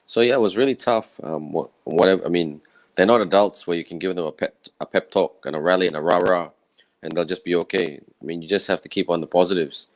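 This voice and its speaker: A man from Malaysia, speaking in a croaky, tired voice in an earnest, conversational personal talk to camera. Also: sits low, fast, dry recording. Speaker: summit speaker. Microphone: own camera setup with a clip mic.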